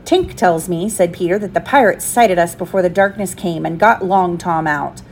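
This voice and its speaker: A woman's voice: on the low side, normal speed, slight background noise. A woman reading a children's storybook aloud to her child, lifting her voice for the characters' lines.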